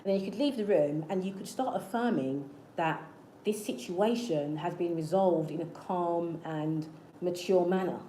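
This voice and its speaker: A woman's voice: lowish voice, normal speed, mellow, slight background noise. A woman hosting her own channel, talking casually and earnestly to her viewers, coaching them in a repetitive, encouraging way. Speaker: manifestation channel host. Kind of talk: casual motivational talk to camera. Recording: echoey room with faint ambience.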